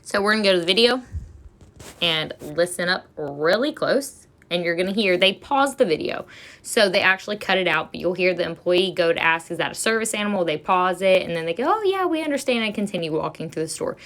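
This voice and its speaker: A woman's voice: fairly low pitch, a little fast, a bit bright. A woman vlogger giving earnest commentary as she reads out viewer comments and lectures about service dogs. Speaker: vlogger, service dog handler.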